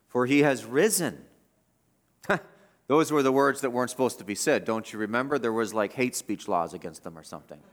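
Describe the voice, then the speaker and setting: A man preaching a sermon, swinging between loud emphatic bursts and hushed passages, and asking his listeners questions. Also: mid-range voice.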